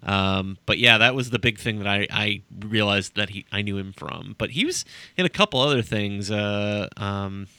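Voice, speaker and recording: A man chatting on a movie podcast in a halting way, often stopping to search for names. His voice is low but bright, with a dry, close sound. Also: smooth, no room sound. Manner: halting, trails off. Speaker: podcast co-host. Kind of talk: casual movie podcast chat.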